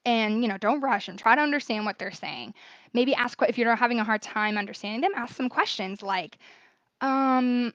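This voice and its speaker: A woman's voice: fairly high pitch, moderate pace, fairly bright tone, dry recording. A young adult woman speech-language pathologist talking parents through speech milestones in a casual, chatty way with lots of fillers. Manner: chatty, many fillers, self-correcting. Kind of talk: casual informal teaching talk. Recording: dry, slightly dull sound.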